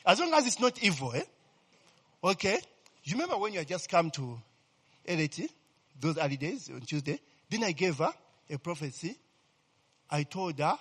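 A man preaches with a lively, high voice that has a husky edge, tossing questions at his listeners and answering them himself. He keeps checking in with the room and swells into loud exclamations of praise. The sound carries a long echo, as from a large hall, with faint music underneath. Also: moderate pace, long pauses. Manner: call-and-response, rising to loud exclamations; asks the congregation questions and repeats "eh?". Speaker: pastor. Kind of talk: sermon.

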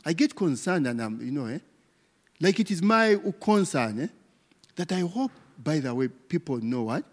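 A man's voice: on the high side, sing-song, normal speed. A man, a pastor preaching an interactive sermon who teases his congregation with rhetorical "what?" questions and tags like "eh?" and "okay?". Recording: long reverb of a hall.

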